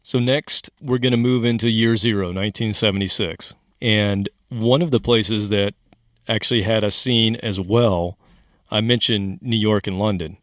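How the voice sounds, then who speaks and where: Male podcast host, lowish voice, dry close sound, easygoing explainer. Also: moderate pace, no echo. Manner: relaxed, explanatory, with restarts. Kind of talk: casual chat about music.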